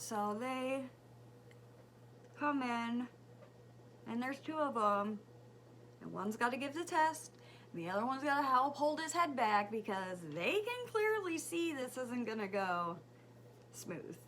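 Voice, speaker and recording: A woman telling a story while doing her makeup, chatty and rambling, with fillers and soft asides. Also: a little high, a little hiss or hum. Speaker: beauty vlogger and mother. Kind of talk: casual get-ready-with-me story chat.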